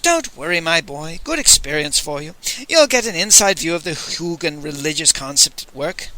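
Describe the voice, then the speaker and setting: A self-important ambassador, played by a man soothes and lectures in a bright, lively voice. His tone is pompous and placating, full of diplomatic bluster. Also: fairly high pitch, moderate pace, rough recording. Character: pompous, smooth-talking male ambassador.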